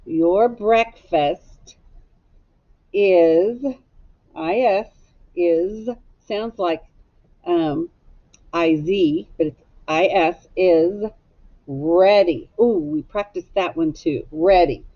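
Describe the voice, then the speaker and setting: Spelling words letter by letter for children, a woman teacher leads a recorded phonics lesson in a patient, gently encouraging way. Her voice is lowish and very slow with long pauses, and the audio is dull.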